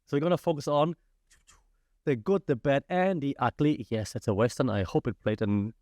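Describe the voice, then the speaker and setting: A man's voice: medium pitch, normal speed, darkish tone, no echo, studio quality. A man hosting a casual solo podcast, sick and talking around a cough drop in a chatty, playful, self-deprecating way. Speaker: podcast host.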